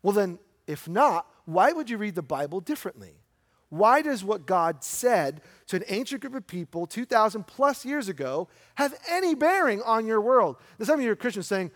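A middle-aged man preaching a sermon in a church, conversational, asking rhetorical questions and slowing down for emphasis. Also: high-pitched, big pitch swings, a bit bright. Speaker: pastor. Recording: long hall reverb.

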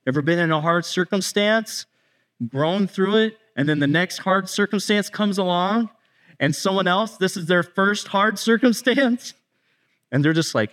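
A male pastor giving a conversational sermon. He talks straight to the congregation, kids included, and acts out bits of dialogue in quick asides. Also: high-pitched, a bit bright. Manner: speaks directly to kids in the congregation.

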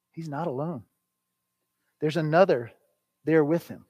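A man preaching a sermon in an earnest way, swinging between loud emphasis and hushed, quiet lines. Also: on the high side, dry recording. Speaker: pastor.

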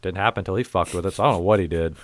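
A man's voice: low-pitched, rapid-fire. A man in a casual chat, telling a long story with plenty of swearing and restarts. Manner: profane, rambling storyteller who acts out the people he quotes.

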